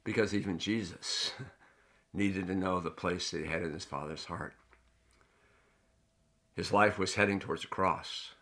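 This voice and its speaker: A middle-aged man preaching a sermon, earnest and storytelling, with lively emphasis. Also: deep voice, a little slow, long pauses. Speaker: pastor.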